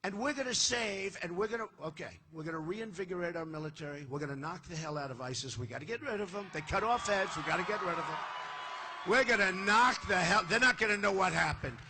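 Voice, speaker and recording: A man's voice: high-pitched, fast, noisy background. An older man from the United States giving a boastful, repetitive campaign rally speech, with punchy phrasing. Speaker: political candidate. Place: large indoor arena.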